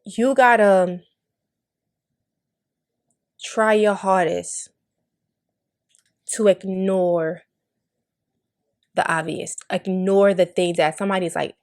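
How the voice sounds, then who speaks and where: A young adult woman talks straight into a podcast, raw and unfiltered. Her delivery is blunt and emotional, full of swearing, and she sounds like she is confessing rather than performing. Her voice sits at an ordinary middle pitch for a woman. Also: fairly even intonation, slow, pauses often, darkish tone. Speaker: podcast host. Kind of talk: candid monologue.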